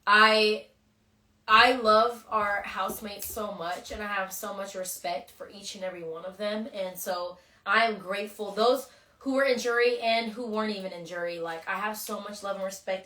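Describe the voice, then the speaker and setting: An emotional woman chatting casually on a phone livestream, gushing as she gives shout-outs to friends. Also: mid-range voice, roomy sound, far from the mic. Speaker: reality show contestant hosting a livestream.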